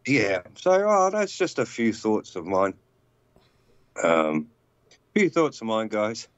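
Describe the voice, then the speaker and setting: A man's voice: fairly low pitch, wildly swooping pitch, slow, dry recording, lo-fi sound. A man with a New Zealand accent, calling into a show and talking casually, blunt and rambling in his opinions. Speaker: guest caller. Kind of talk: casual call-in chat.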